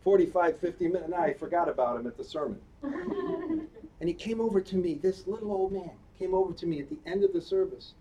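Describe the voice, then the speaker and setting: Brisk and mellow, this man's voice sits high and swings widely in pitch. He is a cantor in his eighties telling a playful, chatty story to the congregation during a synagogue service, asking the children questions throughout. The recording is a distant live stream with faint background noise.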